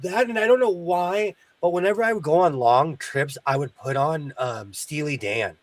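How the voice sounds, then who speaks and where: Guy host chatting over sewing, slightly high voice, lively, sings bits of old songs. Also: normal speed, dry recording. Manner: animated, breaks into singing; mentions a speech impediment. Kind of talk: casual chat.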